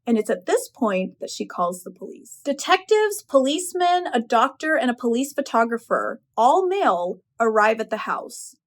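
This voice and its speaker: Woman professor, high voice, lecturing on a short story with lively personal opinions. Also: moderate pace, few pauses. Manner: expressive, opinionated retelling. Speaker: English professor. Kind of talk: literary analysis lecture.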